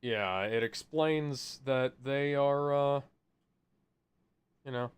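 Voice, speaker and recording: A man co-hosting a casual movie chat, with dry, deadpan sarcasm. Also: medium pitch, takes it slowly, clear, resonant tone, no echo. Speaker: podcast co-host.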